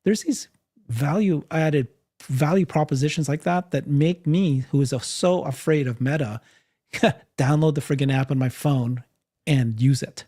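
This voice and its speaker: A man co-hosting a podcast, talking in a casual, animated way, often laughing and restarting his sentences. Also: a little high, unhurried. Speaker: podcast co-host. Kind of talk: casual panel chat.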